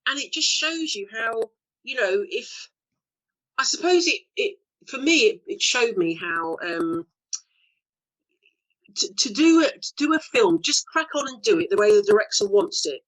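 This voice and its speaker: A woman's voice: a little high, lively intonation, unhurried, poor audio. Laughing, bawdy woman telling stories. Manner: bawdy, laughing, chatty storyteller. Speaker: actress guest. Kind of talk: casual anecdotal interview.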